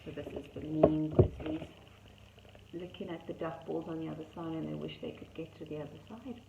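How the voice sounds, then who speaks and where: A woman's voice: sits low, steady tone, a little fast, creaky, very noisy. A woman reading a rhyming picture book aloud to young children, in a sing-song rhythm with chatty asides about the pictures. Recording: dull echoey room.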